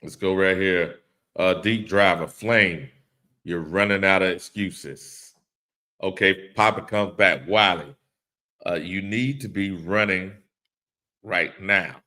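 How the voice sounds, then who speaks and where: A man's voice: sits low, slow, bright, forceful tone. A man hosting a casual live-stream podcast, reading chat comments aloud and laughing along in a laid-back way.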